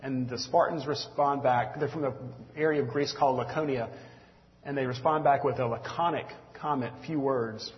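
A man's voice: medium pitch, steady tone, normal speed. A man preaching a sermon to his congregation, conversational, with frequent ums and asides. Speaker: pastor. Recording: dull sound with long hall reverb.

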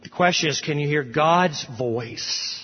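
A man's voice: a little high, measured pace, husky. A man preaching a sermon with passion, lifting his voice when he quotes scripture. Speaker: pastor. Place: church sanctuary. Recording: dull sound with long hall reverb.

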